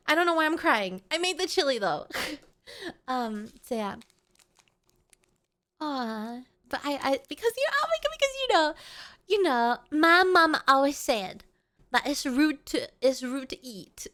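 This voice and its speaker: High-voiced playful woman streamer. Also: sing-song, moderate pace, fairly bright tone. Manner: playful, giggly, rambling, talks to chat. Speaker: VTuber streamer. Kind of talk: casual livestream chat. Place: at home.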